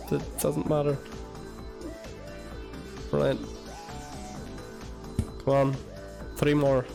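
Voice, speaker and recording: Male streamer, twenties, unhurried and halting, stammers and restarts, soft music underneath. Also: fairly high pitch, completely flat delivery, gravelly. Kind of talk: casual live-stream commentary.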